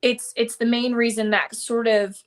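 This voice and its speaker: Her voice sits on the high side, level in tone and a little slow. She's a country singer giving a relaxed live interview over video call, streamed from her Nashville home, rambling chattily with many fillers and restarts.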